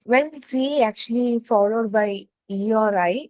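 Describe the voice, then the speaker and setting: A woman student in a language lesson, answering hesitantly and reading verb forms aloud slowly and carefully. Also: a little high, no echo. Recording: dry, dull lo-fi audio.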